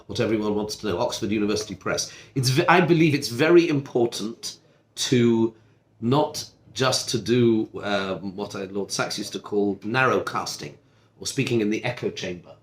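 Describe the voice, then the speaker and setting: A man's voice: fairly low pitch, animated, normal speed. A man, a rabbi teaching a study group, gives an informal classroom lecture. His talk is conversational, full of asides, rhetorical questions and restarts mid-sentence. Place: seminar classroom. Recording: echoey classroom.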